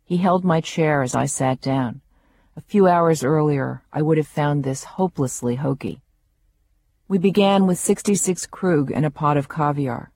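Woman reading her memoir, wry storyteller, warm mellow voice, dry close mic. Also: low-pitched, a little slow, no room sound.

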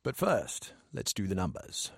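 A man hosting a radio business news program, reading market numbers in a brisk, lightly wry way. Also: sits low, wildly swooping pitch, creaky.

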